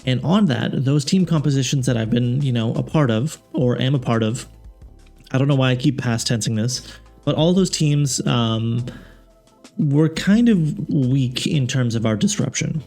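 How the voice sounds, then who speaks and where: A middle-pitched man hosting a tabletop game breakdown, speaking in a casual, rambling way. He often backtracks and corrects himself mid-sentence and gives his views plainly. Faint music sits behind his voice. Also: a little slow, creaky, darkish tone. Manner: rambling, self-correcting, filler-heavy; frank and opinionated. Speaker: tabletop game channel host. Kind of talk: casual game analysis commentary.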